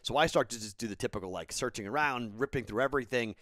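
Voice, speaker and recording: A man's voice: mid-range voice, fast, fairly bright tone, dry recording, clean studio sound. A man in his thirties, a podcast host, telling a casual rambling story and then giving betting picks, tired and self-correcting.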